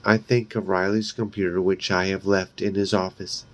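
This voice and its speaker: A man reading a horror novel aloud in a slow, deliberate way, with brief asides of his own. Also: sits low, flat delivery. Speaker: reader.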